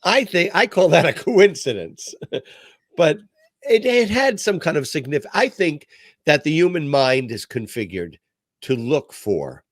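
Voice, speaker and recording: Animated older man telling stories. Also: on the high side, a little slow, no echo, clean studio sound. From New York. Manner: storytelling, animated and self-deprecating. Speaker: podcast host. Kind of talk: casual chat.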